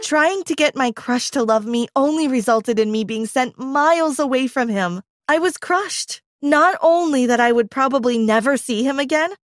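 A woman's voice: high voice, no room sound. A woman reading a first-person story in a dramatic, emotional narration style.

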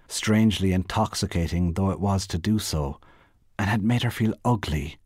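A man reading a literary short story aloud in a measured, unhurried way. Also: deep voice, a little mellow, breathy edge, no echo, studio quality. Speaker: guest reader.

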